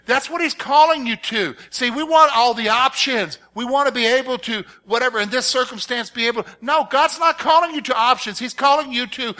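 A middle-aged man preaching a sermon, reading scripture and questioning his congregation in an animated, conversational way. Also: very high-pitched. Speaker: pastor.

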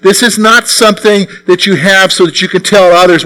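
An older pastor preaches with earnest conviction, repeating phrases for emphasis and shifting between hushed and forceful delivery. His voice is high-pitched and steady, moving a little fast with few pauses.

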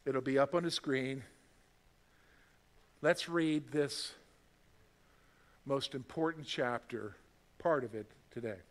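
A man, the church's pastor, preaching a sermon in a conversational, emphatic way that swells in loudness. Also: mid-range voice. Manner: reads scripture aloud in a measured voice.

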